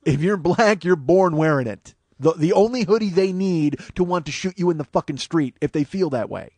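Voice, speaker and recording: A man in his forties hosting a comedy podcast, ranting with heavy profanity and loud outbursts. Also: a little high, lively intonation, moderate pace, dry recording. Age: 40s.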